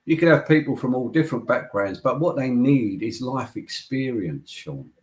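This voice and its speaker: A man's voice: medium pitch, lively intonation, normal speed, a little mellow. A man as a guest in a political interview, emphatic and repeating his points like a speech.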